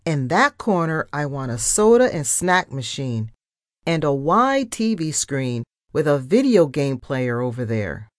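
A woman voicing an excitable male mouse boss who shouts his demands. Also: sits low, a little slow, dry recording, clean studio sound. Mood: bossy excited. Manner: loud, demanding, shouting orders. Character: excitable male mouse, a stuffy editor turned trendy.

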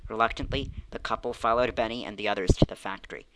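A man reading a children's mystery book aloud, with clear, even storytelling. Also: lowish voice, fast, background noise. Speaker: audiobook reader.

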